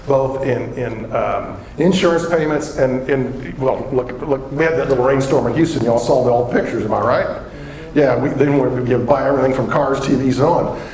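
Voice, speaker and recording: A man from southwestern Colorado giving a humorous conference keynote, an energetic storyteller who quizzes the crowd. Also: medium pitch, slight background noise. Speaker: keynote economic speaker. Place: large conference hall. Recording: echoey conference hall.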